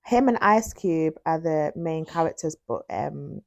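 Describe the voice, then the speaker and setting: A woman, co-hosting a podcast in lively, teasing casual chat. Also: sits low, a little slow, creaky. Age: 20s. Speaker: podcast co-host.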